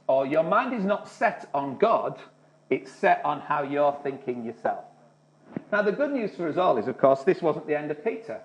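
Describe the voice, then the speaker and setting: A man's voice: a little high, sing-song, normal speed. A man preaching a sermon, speaking earnestly and often restarting his words. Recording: dull lo-fi recording.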